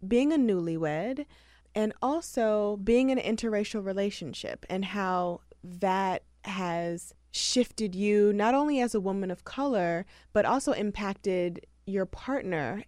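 A woman's voice: medium pitch, expressive, takes it slowly, a little mellow, dry recording, clean studio sound. A woman hosting a podcast interview, affirming and encouraging her guest. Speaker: podcast host. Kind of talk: casual interview chat.

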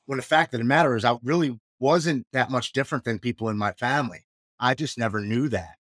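A man's voice: mid-range voice, fairly quick, a bit bright, dry recording, studio quality. A man in his forties earnestly telling his own story of addiction and recovery in a casual talk. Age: 40s. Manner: earnest, emotional, matter-of-fact retelling.

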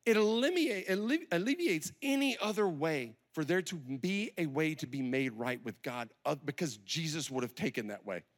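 Animated male preacher telling a story. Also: a little high, normal speed, few pauses. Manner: animated, acts out scenes with quoted voices. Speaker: pastor. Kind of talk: sermon storytelling.

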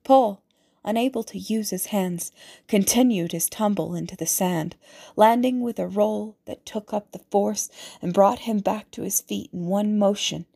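A woman reading a novel aloud as audiobook narrator, in a measured, deliberate way. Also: medium pitch, gravelly, warm tone.

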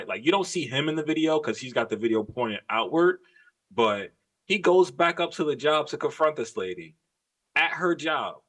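A man's voice: medium pitch, expressive, moderate pace, a bit bright. Man telling a story, profane and emphatic. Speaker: podcast co-host. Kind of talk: casual podcast chat.

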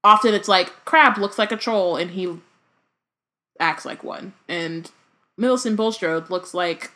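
A woman's voice: mid-range voice, a little slow, bright, forceful tone. A woman co-hosting a podcast, chatting casually about a book, swearing freely and reading passages aloud. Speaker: podcast co-host.

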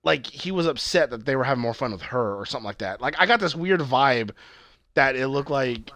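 Man, casual co-host, rambling, profane, animated pitch, dry close mic. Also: fast, dry recording. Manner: rambling, profane, lots of fillers and restarts. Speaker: podcast co-host. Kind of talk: casual chat reviewing a TV show.

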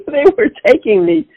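An older woman tells an animated story over a tinny phone line. Her voice is raspy and gravelly, sitting a little higher than typical. She acts out each quoted line. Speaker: author and interview guest.

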